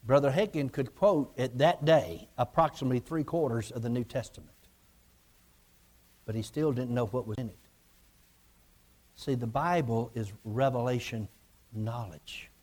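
A man's voice: mid-range voice, normal speed, long pauses, darkish tone. A man preaching a sermon, retelling a vision with emphatic, repetitive phrasing. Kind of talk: sermon storytelling.

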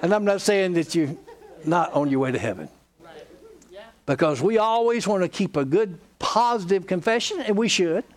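A man's voice: high voice, animated, normal speed. A middle-aged man from Georgia with a Southern accent, preaching a sermon with folksy, humorous storytelling. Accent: Southern American. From Georgia, USA. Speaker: pastor.

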